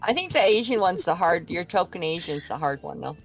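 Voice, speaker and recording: An older woman, a podcast guest, chatting casually in a frank, unhurried way. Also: lowish voice, expressive, gravelly, faint music behind. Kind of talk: casual chat.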